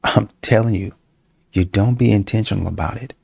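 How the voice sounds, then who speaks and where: A man's voice: fairly low pitch, a little fast, vocal fry, darkish tone, slightly rough, no echo. A man giving blunt, preachy relationship advice straight to his viewers in a casual monologue. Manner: preachy, direct, addresses viewers as y'all. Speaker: dating commentary host.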